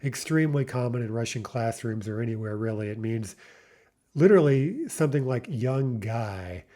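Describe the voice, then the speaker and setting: Man, language teacher, mellow relaxed tone, patient, repeats phrases slowly, recorded lesson. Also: medium pitch.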